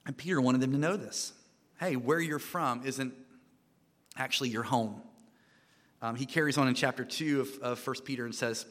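Brief: American man, guest preacher, bright forceful tone, chatty sermon full of restarts, long hall reverb. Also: mid-range voice, moderate pace, long pauses. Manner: conversational, animated, frequent restarts and repeated words. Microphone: microphone.

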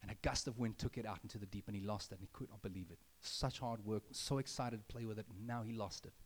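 A man's voice: fairly low pitch, fairly even intonation, fast talker. A man preaching a sermon in a conversational way, with asides to the congregation and rising emphasis on key points. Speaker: pastor. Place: church building.

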